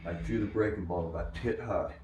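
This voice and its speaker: Older man, low mellow voice, roomy echo, animated storyteller. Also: fairly quick, a little hiss or hum. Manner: animated storyteller who acts out quoted voices. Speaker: former minor league pitcher. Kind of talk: storytelling interview. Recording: echoey room, distant mic.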